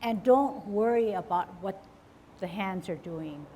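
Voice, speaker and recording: A woman's voice: medium pitch, unhurried, mellow, a little hiss or hum. A woman teaching a tai chi class, summarizing the steps one by one in an encouraging, instructive way.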